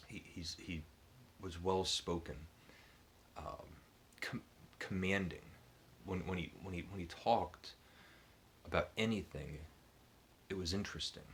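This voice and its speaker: A man's voice: low-pitched, a bit bright, slight background noise. A man telling a casual story as a book vlogger, hesitant, often stammering and restarting words. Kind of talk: casual reminiscence.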